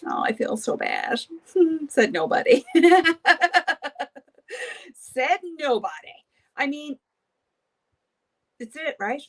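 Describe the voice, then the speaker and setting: Slow-talking gossipy woman host. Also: sits high, sing-song. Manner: gossipy, laughs often, chats with viewers. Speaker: beauty livestream host. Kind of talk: casual chat while doing makeup.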